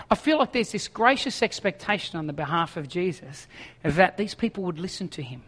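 High-voiced preacher in a reverberant hall. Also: male voice, sing-song, fairly quick, fairly bright tone. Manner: reads scripture aloud, then paraphrases it in an urgent, conversational voice. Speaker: pastor. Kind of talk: sermon.

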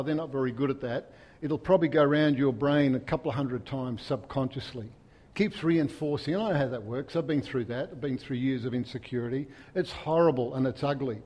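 A man preaching with real passion, his fairly high voice climbing to loud, emphatic peaks before sinking back to a hush. The church hall rings with long reverb behind every phrase. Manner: impassioned, rising to loud emphatic peaks then dropping soft. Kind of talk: sermon.

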